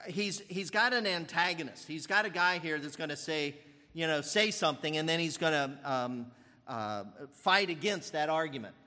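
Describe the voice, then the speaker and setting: A man's voice: on the high side, normal speed, bright, forceful tone, big-room sound. An older man preaching a sermon as pastor, thinking aloud with fillers and restarts.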